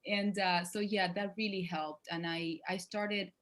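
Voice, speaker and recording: A woman in her forties, speaking English with a Spanish accent in a casual interview, animated and laughing often as she acts out quoted lines. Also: mid-range voice, a little slow. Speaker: guest actress.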